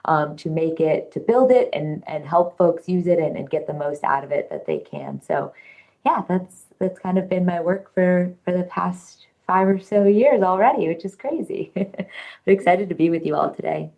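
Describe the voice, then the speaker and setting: Young woman panelist, lowish voice. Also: sing-song, normal speed, vocal fry, dull audio. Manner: casual, many ums. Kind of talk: panel introduction.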